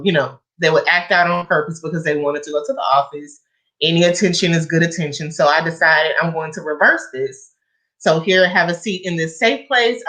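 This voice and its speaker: A woman's voice: low-pitched, a bit bright, rough recording. A woman guest in a casual conversation, speaking earnestly and reflectively about her work. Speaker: guest, music educator.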